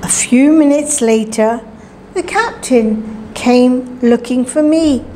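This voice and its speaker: A woman teacher reads a children's story aloud for a lesson, her voice pitched high. She moves through each phrase very slowly and deliberately. A faint hiss sits under the recording. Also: mellow, rough recording. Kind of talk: storybook reading for a class lesson.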